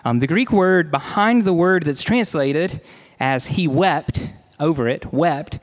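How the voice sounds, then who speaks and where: Male pastor, sermon delivery, voice a touch high, deliberate pacing with conversational asides. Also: animated. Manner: measured, slows for emphasis on key words.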